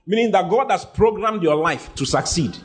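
A man's voice: high voice, animated, normal speed. Emphatic male preacher. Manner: emphatic, repeats lines, has congregation repeat after him. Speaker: pastor. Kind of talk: sermon.

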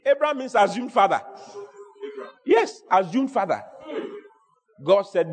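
Male preacher, high and lively voice, reverberant hall. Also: a little slow. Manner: animated, emphatic preaching with repeated phrases. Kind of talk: sermon.

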